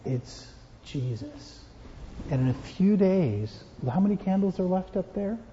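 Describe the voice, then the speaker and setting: A man's voice: high voice, expressive, moderate pace, dark tone, long reverb tail, lo-fi sound, slight background noise. A man giving a children's sermon as pastor, playful and joking with the kids. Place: church.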